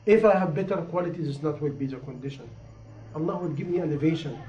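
High-voiced man preaching in an echoey room. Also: quick pace, dark tone. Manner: impassioned, repetitive, rising and falling emphasis. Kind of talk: sermon. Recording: echoey room, dull lo-fi sound.

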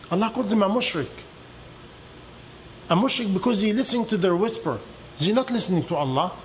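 Emphatic high-voiced male preacher. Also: slight background noise. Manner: emphatic, dramatic swings between high and low; non-native English, simplified grammar. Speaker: religious teacher. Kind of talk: sermon.

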